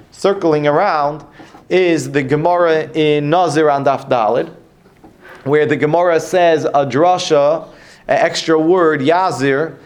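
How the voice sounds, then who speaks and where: A man's voice: a little high, a little mellow. A man giving a Talmud lesson, explaining with frequent restarts and rhetorical questions. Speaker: Torah teacher.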